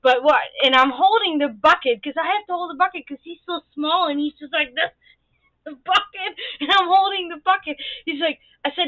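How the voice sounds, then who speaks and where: Young woman, livestream host, high voice, casual animated chat, swears freely, dry phone-like sound. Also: fairly quick, no room sound.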